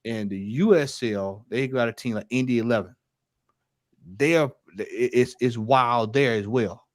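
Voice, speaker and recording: A man's voice: medium pitch, measured pace, no room sound. A man chatting casually about football, rambling and easygoing. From United States. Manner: relaxed, rambling, loose with words. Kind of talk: casual chat.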